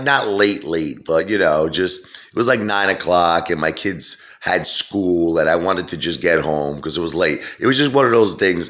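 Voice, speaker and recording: A middle-aged man rambles through a casual story in an extremely deep voice. He digresses constantly, padding his talk with fillers and asides. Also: fairly bright tone. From Brooklyn, New York. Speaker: vlogger.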